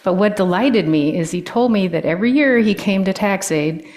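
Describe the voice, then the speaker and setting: A woman, an older guest speaker giving a personal talk with stories, often pausing with ums and restarting sentences. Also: mid-range voice, expressive. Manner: warm storytelling, with frequent ums and restarts.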